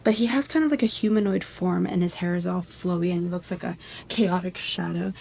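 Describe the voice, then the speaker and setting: A woman's voice: fairly low pitch, a little fast, vocal fry, slightly rough, low-quality recording. A woman vlogger casually retelling a plot, rambling and full of "like". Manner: rambling, lots of "like", animated.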